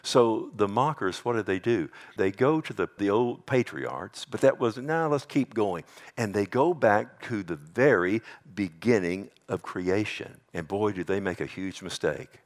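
A middle-aged pastor delivers a lively sermon in a church sanctuary, speaking a little slowly. He takes on a higher voice to imitate mockers and sinks to a hush when giving warnings.

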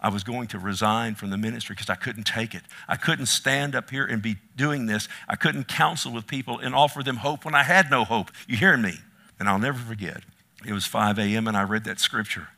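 A middle-aged man preaching an impassioned sermon, swinging from hushed, slow words to loud calls. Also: lowish voice, vocal fry. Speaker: pastor.

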